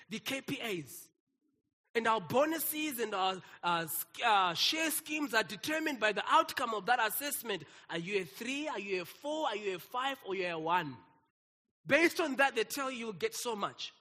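A man's voice: extremely high pitch, sharp tone, in a large hall. A man, preaching a sermon and calling out to his congregation. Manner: exclaims and calls out to the congregation. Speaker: pastor.

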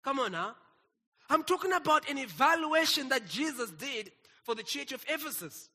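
High, bright-voiced pastor preaching. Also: male voice, very animated, normal speed, in a large hall. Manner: exclaims and calls out to the congregation. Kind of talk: sermon.

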